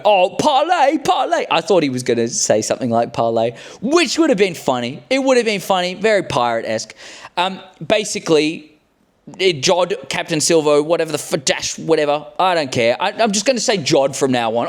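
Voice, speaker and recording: A man chatting casually as he recaps a show, rambling and restarting his sentences with blunt, cheeky remarks. His voice sits a little higher than most men's. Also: very animated, fairly quick.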